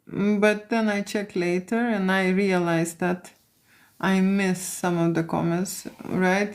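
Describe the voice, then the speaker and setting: Here a photographer from Lithuania, her pitch fairly low and her accent Lithuanian, goes through viewer comments on a casual livestream. She leans heavily on fillers like "okay?" and "you know."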